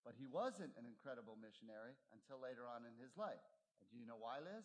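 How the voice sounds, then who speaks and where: A male preacher giving a sermon, emphatic and animated, with lively swings in emphasis. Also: medium pitch, fast talker.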